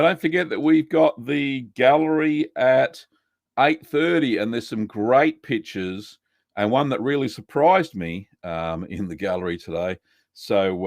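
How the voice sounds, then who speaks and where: A man's voice: mid-range voice, no room sound, studio quality. A middle-aged Australian man hosting a casual live stream, chatty and greeting viewers by name with plenty of fillers.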